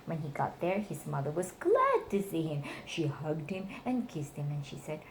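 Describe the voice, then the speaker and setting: Woman reading bedtime stories aloud to a child, very lively pitch, faint background hiss. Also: normal speed. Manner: animated, voices characters in high squeals. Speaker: reading stories to her nephew.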